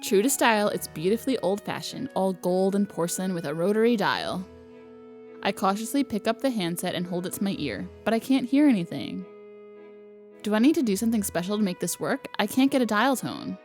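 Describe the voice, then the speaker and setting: A woman's voice: medium pitch, very animated, fairly quick, darkish tone, soft background music. Woman reading a visual novel aloud. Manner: reads narration evenly, laughs between lines. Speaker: let's player.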